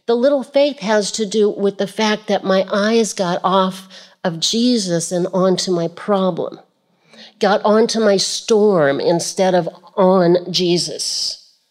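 A woman's voice: mid-range voice, takes it slowly, darkish tone. A woman preaching a sermon, reading scripture aloud and repeating key phrases with rhetorical questions to the listeners.

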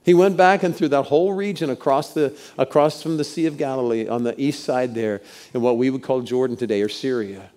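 A man preaching a sermon, expressive, sometimes dropping to a hushed, soft voice. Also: mid-range voice, a little fast. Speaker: pastor.

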